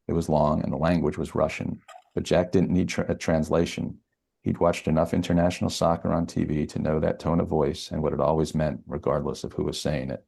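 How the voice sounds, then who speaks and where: A male novelist reads his own thriller aloud in a steady, measured way. His voice sits extremely low, with a gravelly creak and a husky, rough edge.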